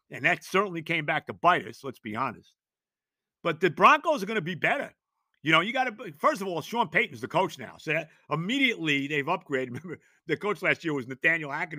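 A man's voice: high voice, sharp tone, no room sound. An older man, hosting a solo sports podcast and ranting emphatically, with rhetorical questions and cursing. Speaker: podcast host.

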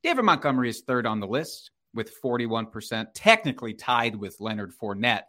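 A man's voice: medium pitch, a little fast. A man co-hosting a sports podcast, going over running back stats in an informal, chatty way. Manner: lively, bright, informal. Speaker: podcast co-host. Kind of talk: casual fantasy football chat.

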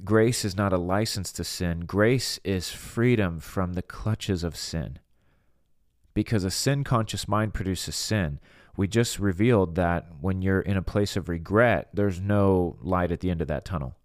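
Deep-voiced earnest male preacher. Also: a little slow, no room sound, clean studio sound. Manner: earnest, emphatic, with frequent restarts and quoted inner voices. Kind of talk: podcast sermon.

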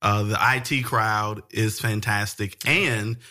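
A man co-hosting a casual podcast, talking in an animated way, laughing often and swearing freely. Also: fairly low pitch, slow. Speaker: podcast co-host.

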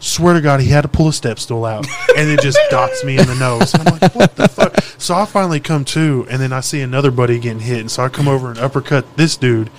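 A man's voice: medium pitch, quick pace, hardly any pauses, crowd noise. A young man telling rowdy stories in casual chat, swearing freely and acting out what people said. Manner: profane, animated storyteller acting out quotes. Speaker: podcast host.

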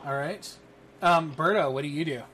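A man narrating as game master for a tabletop role-playing game, relaxed and full of fillers. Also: fairly high pitch, moderate pace, breathy edge.

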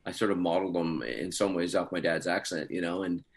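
A man, an actor of Scottish heritage through his parents, chats in a casual interview, rambling through stories with lots of fillers. His voice is low, brisk, and creaky.

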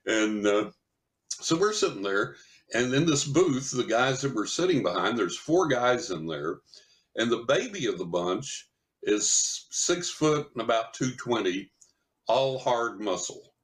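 Low-voiced older man telling a tale. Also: measured pace. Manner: animated anecdotal storytelling, chuckles often, acts out quotes. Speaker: psychic medium guest. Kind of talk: storytelling in casual chat.

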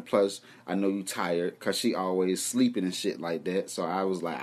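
A man telling a comic story about his girlfriend, animated, profane and laughing as he goes. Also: lowish voice, moderate pace, a little hiss or hum. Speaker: comedian. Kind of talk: stand-up storytelling.

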